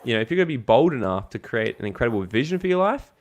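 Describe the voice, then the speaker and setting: Speaking very fast in a sing-song, medium-pitched voice, a man guests on an interview as a network marketing coach. He offers casual, emphatic motivational advice, cursing now and then.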